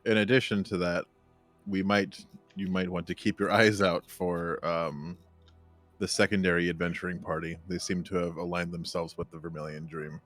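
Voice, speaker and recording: A man playing a tabletop game in character, with a measured, dry delivery. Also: sits low, little pitch movement, a bit bright, no room sound, faint music behind. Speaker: player.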